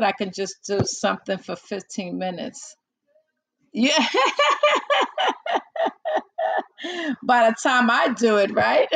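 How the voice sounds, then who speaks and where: A woman's voice: on the high side, vocal fry, dry recording, poor audio. A woman hosting a podcast in casual chat with a caller, chatty and self-deprecating, laughing often and admitting she feels nervous. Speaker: podcast host.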